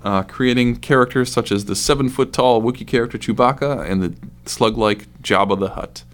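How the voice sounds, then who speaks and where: A man's voice: medium pitch, moderate pace. A man co-hosting a casual podcast, chatty and joking, reading out news between jokes. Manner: relaxed, joking, puts on silly accents. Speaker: podcast co-host. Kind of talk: casual chat.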